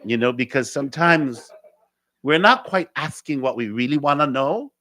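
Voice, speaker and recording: A man's voice: medium pitch, normal speed, bright, forceful tone, no echo. A man from Hawaii, a cultural teacher, giving a spiritual talk with stories; he repeats key phrases and acts out conversations.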